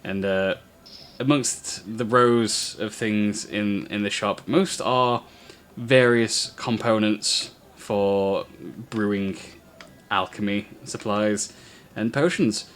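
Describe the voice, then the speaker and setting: Halting, easygoing male game master. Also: fairly low pitch. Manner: relaxed, halting narration with many fillers. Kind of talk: narrating a tabletop game.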